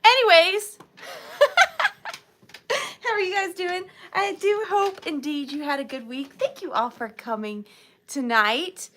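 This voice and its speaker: Her voice is high and a bit bright, her pace moderate, as this sleepy young woman with a Southern US accent hosts a live vintage sale from a chair in her home. Between greetings to viewers, she coos sing-song baby talk at her pet rabbit.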